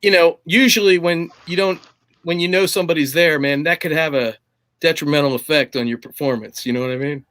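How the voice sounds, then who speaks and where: A man's voice: on the high side, steady tone, fairly quick, a bit bright. A middle-aged man, a drummer, telling stories in a casual chat, swearing often and filling every line with "like" and "you know". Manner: profane, rambling, full of "like" and "you know". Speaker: drummer guest.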